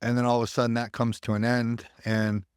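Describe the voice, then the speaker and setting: His delivery is completely flat and a little fast, in a mid-range voice that sounds clear and resonant. A US army veteran and podcast guest, he tells his story candidly and bluntly, with plenty of profanity and voices acted out for quotes. Clean studio sound, no echo.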